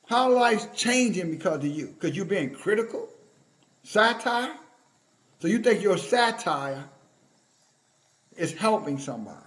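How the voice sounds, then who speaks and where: A man with a notably high voice delivers a scolding online sermon. He talks in an emphatic, confrontational way and stops to read scripture aloud. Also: big pitch swings, normal speed. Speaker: preacher.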